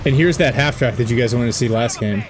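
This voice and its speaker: A man casting a strategy game replay in a relaxed way, thinking aloud with fillers and joking about himself. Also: medium pitch, fast talker, music in the background. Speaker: game caster. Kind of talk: casual esports commentary over a replay. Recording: game battle sounds with gunfire and artillery behind.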